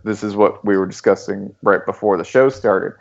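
A man's voice: on the low side, moderate pace, vocal fry, muffled recording. A man from Tennessee with a light Southern accent, hosting a podcast in casual chat and laughing often. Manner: laughs often, animated when joking. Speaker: podcast host.

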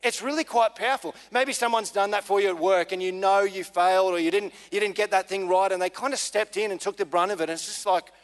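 A man, a pastor telling a personal story in a relaxed, conversational sermon with many fillers. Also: high-pitched, fast, few pauses. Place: church hall. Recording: long reverb of a church hall.

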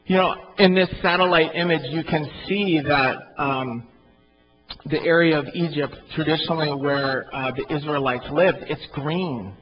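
Animated male preacher, dull recording. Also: a little high, unhurried. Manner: animated, rising to loud emphatic peaks. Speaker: pastor. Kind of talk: sermon.

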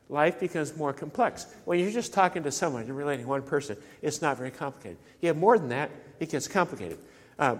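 A man delivering a sermon as a pastor, talking conversationally and putting rhetorical questions to the congregation. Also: fairly high pitch. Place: church. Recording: church sanctuary with long reverb.

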